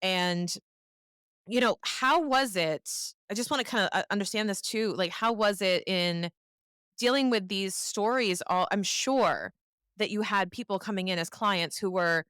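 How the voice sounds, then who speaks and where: A woman's voice: medium pitch, a little slow, fairly bright tone, smooth, dry recording, clean studio sound. A woman with a North Shore Boston accent hosting a podcast, chatty and laughing as she asks long rambling questions. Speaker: podcast host. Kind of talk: podcast conversation.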